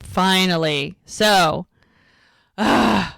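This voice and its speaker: Speaking extremely slowly, this woman has a fairly low voice with vocal fry and no room sound around it. She co-hosts a podcast and gives a casual, animated rundown of a TV episode, playing out the characters' lines.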